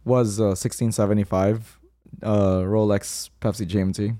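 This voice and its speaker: A man's voice: on the low side, level tone, moderate pace, mellow, no room sound, studio quality. A man from the Philippines hosting a podcast, talking loosely and swearing casually, calling people dude and bro. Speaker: podcast host.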